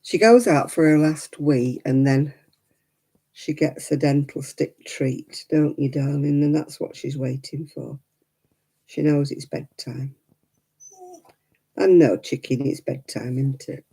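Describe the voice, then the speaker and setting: A woman's voice: sits low, fairly even intonation, measured pace, warm tone, breathy edge. A middle-aged woman chatting casually while knitting on a crafting livestream, cooing baby talk to her dog in between.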